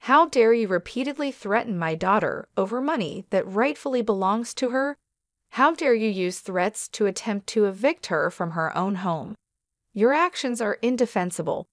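A woman's voice: medium pitch, expressive, normal speed, dry recording, studio quality, close to an everyday voice. A woman voicing a fierce mother confronting her husband in a read-aloud story, firm and indignant.

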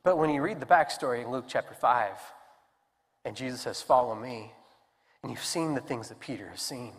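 A man preaching a sermon as pastor, telling the story with animated voices for the characters. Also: medium pitch, fairly quick. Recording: long hall reverb.

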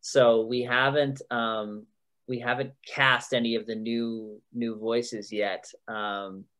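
A man's voice: mid-range voice, flat delivery, takes it slowly, a bit bright. A man who is a TV head writer, talking casually in a podcast interview, chatty with frequent laughs and restarts. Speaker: TV executive producer and head writer.

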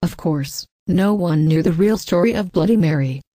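Low, mellow woman narrating a story. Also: moderate pace, no room sound. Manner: even, reads punctuation marks aloud. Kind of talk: first-person scripted story narration.

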